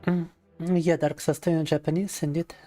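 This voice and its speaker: Sick and worn out, a livestreamer with a fairly high, mellow voice talks at a normal speed in a level tone, trading tired sarcasm and crude jokes with music behind him.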